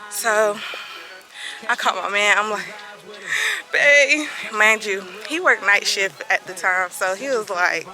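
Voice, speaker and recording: Bright-voiced young woman telling a story. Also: mid-range voice, a little slow, low-quality recording. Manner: animated, dramatic retelling that acts out quoted voices. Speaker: vlogger. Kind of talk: casual storytime vlog.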